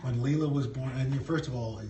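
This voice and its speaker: A man's voice: mid-range voice, a little fast, a crowd in the background. A middle-aged man as an interview guest, chatting casually and telling stories with playful jokes. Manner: jokey, playful storyteller who slips into put-on voices. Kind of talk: casual chat. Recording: roomy echo, far from the mic, faint noise.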